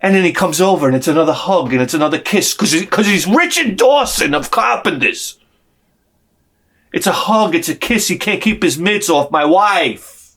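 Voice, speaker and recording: Man, vlogger, high pitch, very lively swings, sarcastic, exasperated comic rant. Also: normal speed. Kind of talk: ranting comic storytelling.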